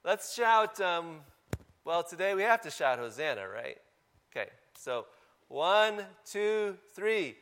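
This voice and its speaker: A man's voice: high voice, sing-song, slow, a bit bright. A man preaching a sermon in a church, talking casually and asking the congregation questions. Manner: conversational, asks the congregation questions. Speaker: pastor.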